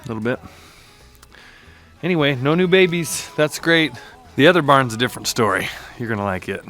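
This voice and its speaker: A man's voice: mid-range voice, lively intonation, a little fast, over music. A young man, a cattle rancher, talking casually to the camera while doing morning chores outdoors and in barns on a windy, cold ranch. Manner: chatty and easygoing, with small laughs and groans at the cold. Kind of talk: casual vlog narration.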